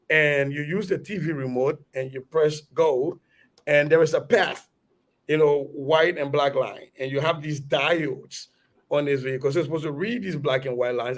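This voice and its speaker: A middle-aged man speaks with a Liberian accent, his voice fairly high and gravelly. He tells a story animatedly, stumbling through restarts as he goes. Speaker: radio guest. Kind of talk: storytelling in conversation.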